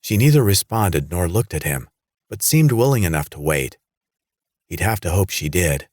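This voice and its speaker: A man narrating a horror audiobook with dramatic, lively storytelling. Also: low voice, normal speed, dry recording, studio quality.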